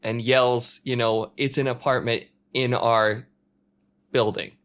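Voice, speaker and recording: A man relaxes into casual conversation in an apartment in a multi-story building, taking his time as he relates an anecdote with animated energy. He fully plays the quoted voices, rising to shouts and dropping to mutters, all in an ordinary mid-range pitch.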